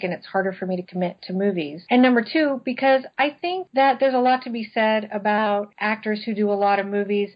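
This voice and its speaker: A chatty young woman from the West Coast hosts a podcast in a relaxed, freewheeling way. Her voice is a little nasal and sits in an ordinary middle range. The audio is dull and lo-fi. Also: mid-range voice. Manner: chatty, freewheeling, self-deprecating. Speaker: podcast host. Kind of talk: casual podcast chat.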